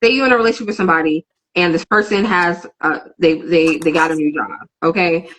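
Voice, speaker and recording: A woman's voice: on the low side, low-quality recording. Earnest woman laying out her argument. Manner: earnest, explains with drawn-out examples. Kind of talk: casual debate chat.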